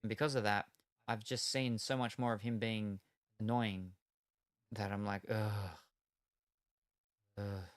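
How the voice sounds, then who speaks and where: A man's voice: fairly low pitch, steady tone, moderate pace, pauses often, no room sound, studio quality. A man chatting casually while opening trading cards, rambling through meandering retellings full of hedges and trailing asides. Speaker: card-opening streamer.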